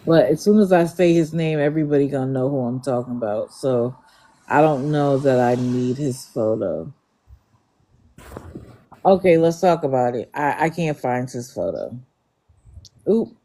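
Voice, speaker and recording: A woman's voice: rumbling low, lively intonation, moderate pace, pauses often, mellow. Blunt exasperated woman ranting to her viewers on a live stream. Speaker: livestream host. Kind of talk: casual commentary. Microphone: live stream setup.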